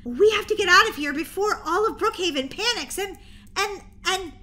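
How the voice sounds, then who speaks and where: A woman's voice: very high voice, animated, normal speed, pushed and bright, exaggerated voice. A woman voicing Molly, a goofy, dramatic schoolgirl in a Roblox role-play who squeals and stammers when she panics. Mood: frantic.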